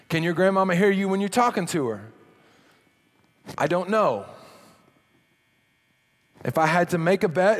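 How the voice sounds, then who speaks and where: A man preaching a sermon as pastor, talking in a conversational way that often repeats and restarts words. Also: high-pitched. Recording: long hall reverb.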